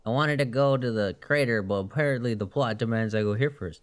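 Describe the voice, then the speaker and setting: A man's voice: medium pitch, a little fast. A man doing casual let's play commentary, joking, swearing and talking to the game's characters while his voice is going. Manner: joking, sweary, talks to the game. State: losing his voice. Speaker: gaming YouTuber. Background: faint game music.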